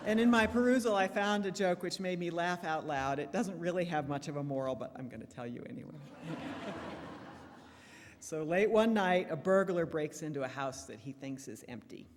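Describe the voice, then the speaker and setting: In a church sanctuary, a woman minister with a low-pitched voice delivers a sermon, telling jokes as she tells stories. Her manner is warm, with lively shifts in loudness; the large hall adds a bit of hiss or hum.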